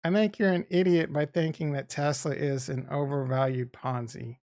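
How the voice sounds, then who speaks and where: A man's voice: fairly high pitch, steady tone, moderate pace, darkish tone. Rambling, profane Boston-accented man. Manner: rambling, profane, talks back to chat. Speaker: crypto streamer reading chat. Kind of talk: casual livestream chat.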